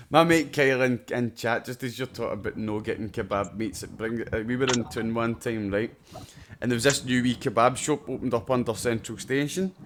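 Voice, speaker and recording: A man's voice: medium pitch, fairly quick, a little hiss or hum. Sweary Scottish man spinning a yarn. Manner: swears freely, loud and laughing while telling anecdotes. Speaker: podcast co-host. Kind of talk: casual chat, storytelling.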